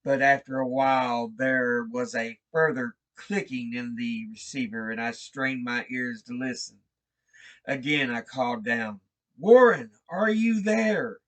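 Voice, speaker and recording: A man reading a horror story aloud in a slow, brooding, theatrical style. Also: mid-range voice, steady tone, sharp tone. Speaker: reader. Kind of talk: dramatic horror story narration.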